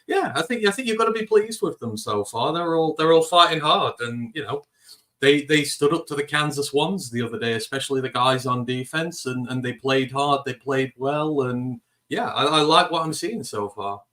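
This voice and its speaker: A man from the United Kingdom, a guest on a fan show, giving his views in a relaxed, friendly way with some repeated words. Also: medium pitch, moderate pace. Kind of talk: casual conversational interview.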